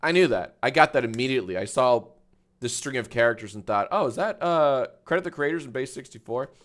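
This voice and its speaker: A man in his thirties chats casually on a live stream, swearing freely and bursting into high laughter. His tone is animated, brisk and fairly bright.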